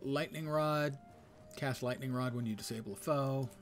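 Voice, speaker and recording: Laid-back male game streamer, mid pitch, casual, reads dialogue aloud, soft music under. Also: normal speed. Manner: relaxed, self-deprecating, reads game text aloud. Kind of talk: low-energy casual game commentary.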